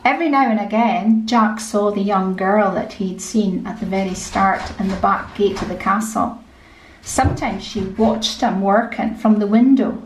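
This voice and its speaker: A Scottish woman telling a traditional story to children in a gentle, expressive way. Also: mid-range voice, slight background noise. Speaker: storyteller and music tutor. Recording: roomy echo.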